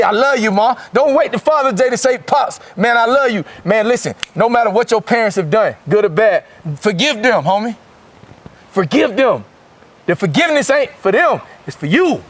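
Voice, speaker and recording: A man in his forties from Florida delivers a motivational speech to young football players. His voice sits fairly high, and he preaches emphatically, stacking rhymes and dropping into street slang. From Florida, USA. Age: 40s. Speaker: motivational speaker to a football team.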